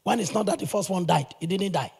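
A male pastor preaching a sermon in an animated, emphatic way, with sudden loud bursts. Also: high voice, fast, gravelly, breathy edge.

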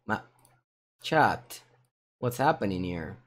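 A man's voice: fairly low pitch, moderate pace. Italian man muttering through a card game. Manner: muttering thoughts aloud, with sudden excited outbursts. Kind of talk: live gameplay commentary.

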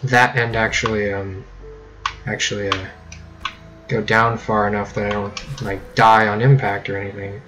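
A man giving casual gameplay commentary, rambling and self-mocking with sudden excited yelps. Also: on the low side, normal speed, music in the background. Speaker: let's play gamer. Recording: keyboard clicks audible behind.

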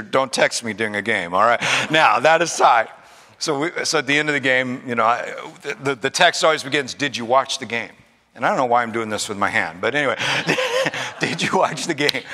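In a large church sanctuary, a middle-aged pastor preaches a sermon full of repetition, humorous asides, and growing fervor. His voice is mid-range with a sharp tone, and the sound carries the echo of a big room.

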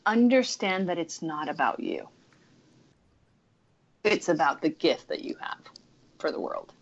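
A woman's voice: low-pitched, big pitch swings, measured pace, muffled recording. A woman in her thirties, a guest career coach, chatting with enthusiasm and saying "like" often. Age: 30s. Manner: enthusiastic, chatty, many "like" fillers. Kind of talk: casual interview talk.

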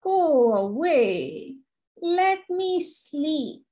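A woman's voice: high-pitched, expressive, slow, pitched above the performer's own voice. A woman voicing a grumpy, sleepy female millipede in a children's story, with a whiny, exclaiming voice.

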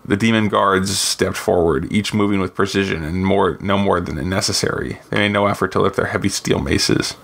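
A man's voice: deep voice, fairly even intonation, normal speed, gravelly, hardly any pauses, a bit bright. A man reading aloud from his own fantasy novel, with occasional slips and restarts. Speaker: guest reader, author.

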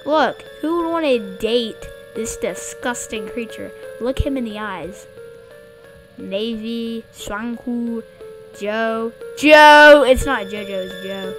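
A woman with a high, bright voice talks over a video game, excitable and blunt, cracking jokes as she plays. Faint game music hums in the background. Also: slow pace. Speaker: gamer. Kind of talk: gameplay commentary.

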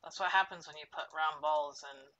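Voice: mid-range voice, normal speed, bright, forceful tone, dull audio. A streamer chatting casually on a live stream at home, muttering to themself while they cook.

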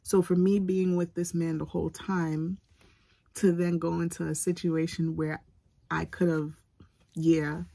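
A young woman talks straight to her audience in a low voice with a gravelly edge. Her telling is candid and emotional, pausing and restarting as she goes. The sound is close and dry, with no room around it. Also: flat delivery, dark tone, no room sound. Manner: candid, emotional, halting recounting. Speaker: vlogger. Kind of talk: personal storytelling to camera.

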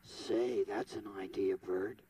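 A man voicing a huge, shy, gentle and gloomy woolly creature with a slow, mournful, sighing delivery. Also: on the low side, steady tone. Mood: sorrowful. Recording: noisy 1970s TV audio.

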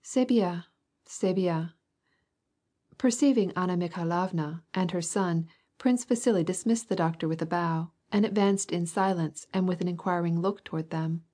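A woman reading a classic novel aloud as an audiobook narrator in a steady, measured way. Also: lowish voice.

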